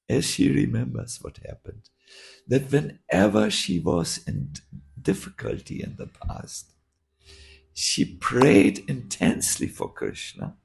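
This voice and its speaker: Give me a slow, halting monk telling a scripture story with lots of fillers. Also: male voice, mid-range voice, vocal fry. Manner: halting, with many fillers and restarts. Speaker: monk teaching a scripture class.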